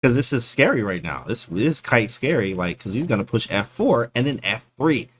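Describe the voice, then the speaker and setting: A man casually breaking down his chess game for his stream chat, slangy and animated, often calling people bro. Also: medium pitch, moderate pace, a little hiss or hum.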